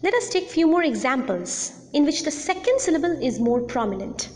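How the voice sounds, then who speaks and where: A woman giving a recorded audio lecture, explaining slowly and deliberately with repeated examples. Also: high-pitched, sing-song, darkish tone, in a large hall, slight background noise.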